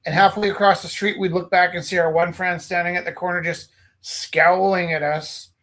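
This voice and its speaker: A man from Canada telling a story in casual chat, animated, acting out the quotes loudly. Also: high voice, moderate pace. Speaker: host.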